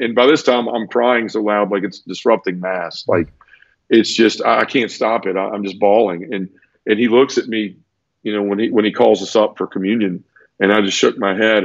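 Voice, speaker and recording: A man's voice: on the low side, fairly even intonation, brisk, dry recording, highs cut off. A man earnestly telling his personal conversion story in a conversational interview, tumbling through it with restarts. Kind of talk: conversational testimony.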